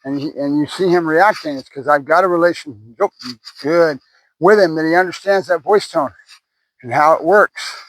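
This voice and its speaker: A man's voice: on the high side, normal speed, a bit bright, dry recording, poor audio. A man who trains dogs, talking casually to the camera outdoors between words of praise to a puppy. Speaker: dog trainer.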